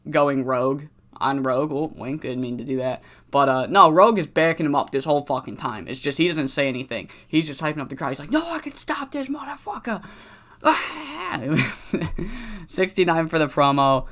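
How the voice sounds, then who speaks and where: A host giving casual, excitable commentary on a wrestling management game, swearing freely and laughing often. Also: medium pitch. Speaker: gaming video host.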